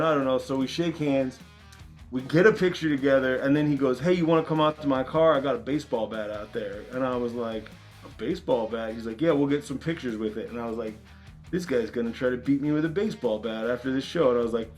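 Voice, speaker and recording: Profane, animated male band member telling stories. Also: mid-range voice. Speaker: band member, interview guest. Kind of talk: casual storytelling.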